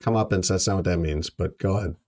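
A man's voice: low voice, quick pace, a little mellow. A man co-hosting a casual podcast, making dry, wry remarks and corrections. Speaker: podcast co-host. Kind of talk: casual chat.

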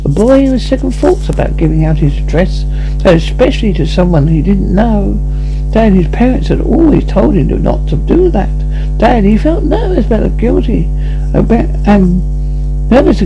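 A man narrating a horror story in a halting, stumbling way, with frequent restarts. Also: sits high, very animated, gravelly, rough recording. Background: music.

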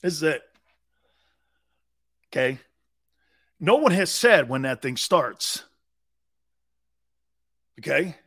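A man's voice: fairly high pitch, big pitch swings, slow, pauses often, a bit bright. A man hosting a live sports talk show, telling a long, rambling anecdote in a casual way.

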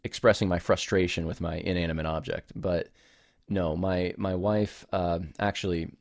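Deep gravelly man, earnest podcast host. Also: steady tone, normal speed, dry recording, studio quality. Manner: earnest, apologetic, rambling with many restarts. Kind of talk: casual podcast monologue. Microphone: home recording setup with camera.

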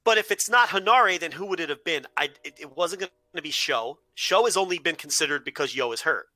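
A man with a very bright, forward voice talks through his argument step by step, steady and sure of his logic. The sound is dry and close, with no room around it. He carries the casual back-and-forth of a podcast co-host. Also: a little high, fairly quick, no room sound. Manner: analytical, makes his case point by point. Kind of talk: casual chat.

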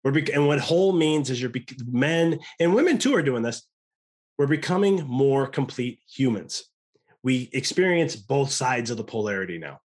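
A man's voice: mid-range voice, big pitch swings, moderate pace. A man in his thirties with an American accent, talking earnestly in a casual conversation and often restarting his sentences. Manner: rambling, earnest, many restarts. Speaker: podcast guest.

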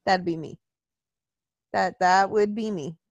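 A woman's voice: mid-range voice, steady tone, takes it slowly, dry recording, highs cut off. A woman co-hosting a casual wrestling chat, profane and mocking, talking close to a dry mic.

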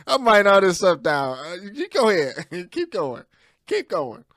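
A man co-hosts a casual talk podcast in a small studio, teasing his partner and laughing often. His voice sits a little high for a man. The sound is close and dry. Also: huge pitch swings, normal speed, fairly bright tone, dry recording. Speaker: co-host. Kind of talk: casual talk show banter.

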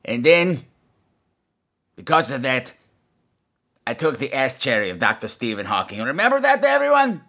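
A man voicing a gleeful, vicious male gargoyle on a comedy podcast, gloating and swinging between shrill squeals and low growls. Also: sing-song, moderate pace, creaky, pauses often, bright, forceful tone, full character voice. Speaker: podcast host. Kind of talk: comedy podcast character monologue.

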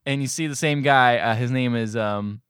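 A man co-hosting a podcast, retelling a movie plot in casual chat, slipping into quick character voices, laughing and swearing. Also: mid-range voice, fairly bright tone, clean tone, no echo, clean studio sound. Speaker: podcast co-host.

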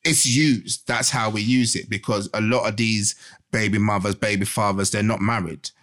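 A man's voice: fairly low pitch, fairly even intonation, moderate pace, fairly bright tone. A man co-hosting a podcast, talking casually and explaining his point at length, often checking he's understood. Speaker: podcast co-host. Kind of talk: casual chat.

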